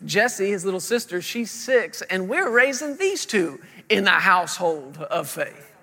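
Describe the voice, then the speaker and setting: A man's voice: high-pitched, big pitch swings, unhurried, pushed and bright, big-room sound. A man in his thirties preaching a sermon as a pastor, telling humorous stories and acting out the voices of the people in them.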